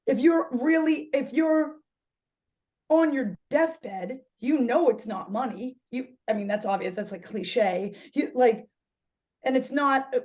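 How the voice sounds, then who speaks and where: A woman yoga instructor talking candidly as a podcast guest, animated, swearing freely and restarting her sentences as she searches for words. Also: high voice, takes it slowly. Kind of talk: casual podcast conversation.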